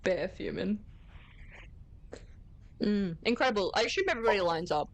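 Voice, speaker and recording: A woman running a tabletop game, narrating in a relaxed, chatty way and laughing often. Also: medium pitch, moderate pace. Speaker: game master.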